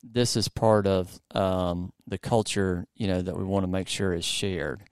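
Male host, casual interview chat, low voice, clear and resonant, rambling with fillers. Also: steady tone, measured pace, no room sound, clean studio sound. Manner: rambling, many fillers and restarts. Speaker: podcast host.

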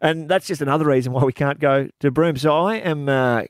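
A man co-hosting a radio chat, relaxed and self-deprecating. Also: fairly high pitch, fairly quick, clear, resonant tone, no echo, studio quality. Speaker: radio co-host.

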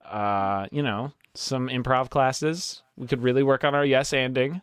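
A man with a smooth, resonant voice who delivers wry jokes in a deadpan way. He chats casually with his co-hosts. The sound is dry and close. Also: mid-range voice, measured pace, dry recording. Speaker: podcast co-host. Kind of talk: casual banter.

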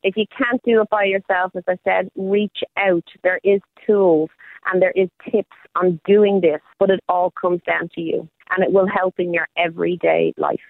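A woman's voice: fairly low pitch, steady tone, moderate pace, gravelly, no room sound. A woman life coach talking casually on the radio, upbeat and motivational. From Australia. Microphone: phone call. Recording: phone line.

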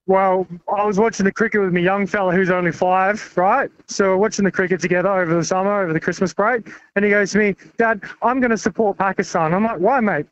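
A man's voice: sits high, fairly even intonation, fast talker, hardly any pauses, no room sound. An Australian father calling a radio show, amused and easygoing about his young son. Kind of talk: telling an anecdote on the phone. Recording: lo-fi phone line.

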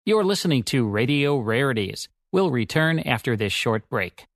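A man hosting a radio show, reading a promotion in a smooth, friendly manner. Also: medium pitch, animated, moderate pace. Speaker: radio host. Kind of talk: read advertisement. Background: music.

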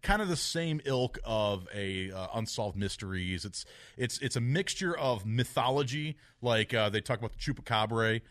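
A man co-hosting a podcast, telling stories in a casual chat, animated and quick to laugh. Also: mid-range voice, no room sound, studio quality. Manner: animated storytelling, laughs often. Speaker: podcast co-host.

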